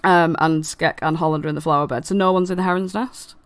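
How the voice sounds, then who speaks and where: A woman's voice: sits low, fairly even intonation, fast talker, clear, resonant tone, no room sound. A woman narrating as dungeon master of a tabletop game, loose and giggly with many fillers.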